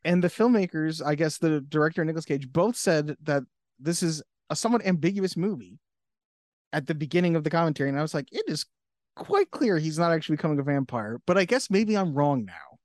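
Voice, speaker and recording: Fast-talking man on a podcast. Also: a little high, expressive, a little mellow, dry recording, studio quality. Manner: laughs often, acts out quotes. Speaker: podcast co-host. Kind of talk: casual chat.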